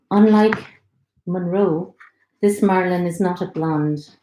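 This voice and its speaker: A woman author giving a live online reading of her own short story in a steady, friendly narrating voice, indoors. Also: on the low side, slow pace. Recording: roomy echo.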